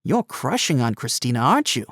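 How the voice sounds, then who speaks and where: A man's voice: medium pitch, very animated, fairly quick, a bit bright, husky, no room sound, studio quality. A man voicing a teasing, boisterous teenage boy in an audiobook, playful and needling. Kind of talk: audiobook character voice.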